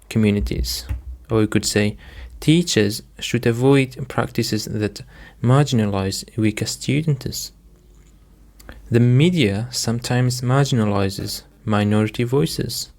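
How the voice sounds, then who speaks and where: Slow, patient male vocabulary teacher. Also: mid-range voice, a little mellow. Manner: patient, repeats words and stresses, frequent "um" and "dear listeners". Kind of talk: slow, deliberate vocabulary lesson.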